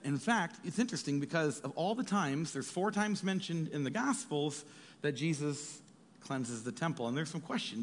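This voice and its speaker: A man preaching with a lively, swinging delivery and a slightly husky tone. His voice carries a long reverb, as if in a church hall. He jokes and acts out quick asides as he teaches. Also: on the high side. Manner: animated, jokey preaching with acted asides. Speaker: pastor. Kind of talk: sermon.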